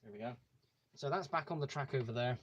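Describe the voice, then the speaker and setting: Young guy chatting on his home stream, eager and rambly, lots of ums, middle pitch. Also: fast talker, lo-fi sound, slight background noise. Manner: rambling, eager, with many fillers and restarts. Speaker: livestream host. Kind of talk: casual live-stream chat. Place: room at home.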